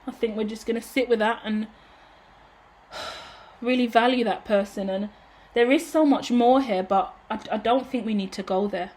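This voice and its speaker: A woman's voice: a little high, normal speed, a little mellow. A woman reading tarot cards aloud in a loose, chatty monologue. She talks with open emotion and gushing intensity, and swears casually along the way. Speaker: tarot reader.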